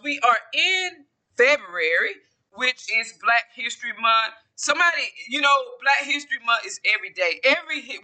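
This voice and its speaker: Speaking to camera in a casual solo vlog, a podcaster and YouTuber with a high, very bright, forceful voice rambles on. He often repeats phrases and restarts sentences before finishing a thought.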